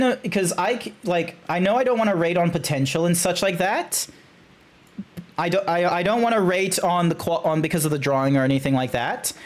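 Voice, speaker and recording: A man streaming live, rating fan character art in a loose, rambling way, often restarting, swearing and laughing. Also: a little high. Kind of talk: casual live-stream commentary.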